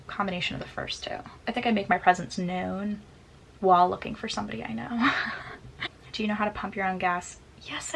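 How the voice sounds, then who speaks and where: A woman's voice: medium pitch, slight background noise, low-quality recording. A woman in her twenties chatting casually through a get-to-know-me question list, giggling often and filling with "like". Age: 20s. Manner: chatty, giggly, many "like" fillers. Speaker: vlogger. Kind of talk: casual Q&A tag video.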